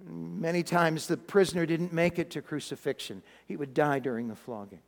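A man's voice: a little high, normal speed, creaky, in a large hall. A man preaching a sermon, retelling a Bible story with dramatic emphasis and frequent restarts. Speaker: pastor.

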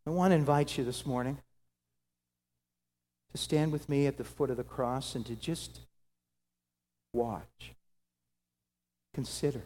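A pastor preaching a dramatic sermon that swings from loud to hushed. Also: male voice, medium pitch, measured pace, pauses often. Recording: long hall reverb.

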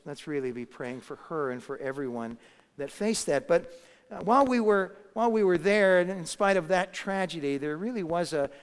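Heard through long hall reverb, a pastor tells a story in his sermon, building toward emphatic moments. His voice is on the high side, clear and resonant.

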